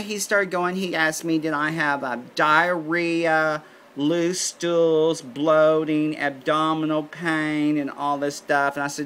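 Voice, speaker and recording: A man's voice: a little high, level tone, takes it slowly, fairly bright tone, a little hiss or hum. A man telling a comic story in a campy, gossipy, exasperated way, addressing listeners as honey.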